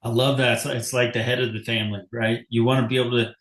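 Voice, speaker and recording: Male host, middle-pitched voice, reflective storyteller, roomy echo on the recording. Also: flat delivery, quick pace, a bit bright. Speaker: podcast host, coach. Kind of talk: casual interview talk. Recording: echoey room.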